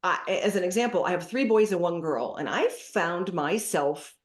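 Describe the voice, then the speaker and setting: A middle-aged woman giving parenting advice as a podcast guest, lively and acting out what to say to kids. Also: lowish voice, normal speed. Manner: animated, acts out dialogue with kids as examples. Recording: roomy echoey room.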